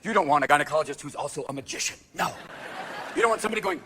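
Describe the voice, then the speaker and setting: A man in his fifties performing a live stand-up routine, talking rapid-fire and jumping into character voices. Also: on the high side, lively intonation, noisy background. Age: 50s. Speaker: stand-up comedian. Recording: live show recording with room ambience.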